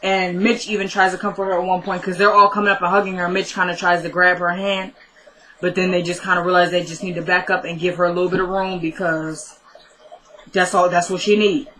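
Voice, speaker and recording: A woman recapping a TV episode in a casual, excitable way, retelling scenes with strong emotion. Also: lowish voice, a little fast, rough recording. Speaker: TV recap vlogger.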